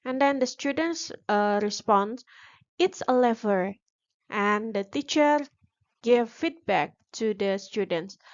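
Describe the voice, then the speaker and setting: Young woman, Indonesian accent, slow halting class presentation, muffled lo-fi sound. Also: medium pitch, no echo. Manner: halting, with frequent restarts and fillers. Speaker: graduate student presenter.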